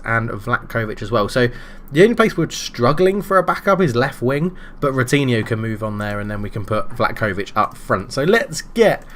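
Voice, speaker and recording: A man in a relaxed commentary, talking through a football management game at a middling pitch. He chats easily, pokes fun at himself, and lifts his voice when the action heats up. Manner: chatty, self-deprecating, excitable during play. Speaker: video game streamer.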